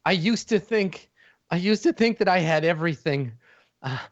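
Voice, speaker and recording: A man's voice: high-pitched, expressive, normal speed, lo-fi sound, voice pushed up. A man voicing a small, furry, lovesick female creature who stammers as she pleads. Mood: tearful pleading.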